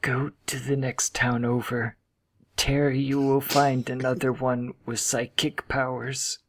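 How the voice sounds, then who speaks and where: A man's voice: mid-range voice, expressive, normal speed, a little hiss or hum, close to an everyday voice. A man voicing a laid-back tiny alien bug man in a comedic fanfiction reading, with an offhand, rambling delivery.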